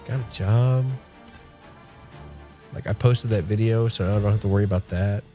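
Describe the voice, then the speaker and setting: A male streamer with a fairly low voice chats casually while playing, giddy and emotional, often breaking into laughter. Faint game music runs under his voice. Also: fairly even intonation, moderate pace, warm tone. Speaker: live streamer. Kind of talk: casual chat while gaming. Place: home.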